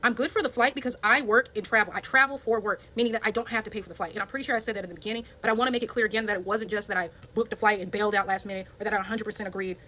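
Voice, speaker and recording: Fast-talking woman making her case. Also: medium pitch, fairly even intonation, sharp tone, slight background noise. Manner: emphatic and defensive, walking through evidence point by point. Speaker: content creator telling her side of a story. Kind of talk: storytime vlog reading out screenshots.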